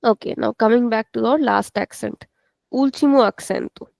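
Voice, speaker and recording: A woman's voice: a little high, normal speed, gravelly, darkish tone, dry recording. A woman teaching a live online class, patiently explaining and repeating words for her students. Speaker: Portuguese teacher.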